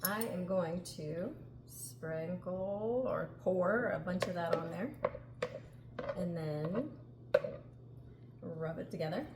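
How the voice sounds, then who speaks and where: A woman's voice: fairly low pitch, takes it slowly, long pauses. A middle-aged woman hosting a casual cooking demonstration in a home kitchen, upbeat and chatty, laughing often. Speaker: cooking show host. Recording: echoey kitchen with background noise.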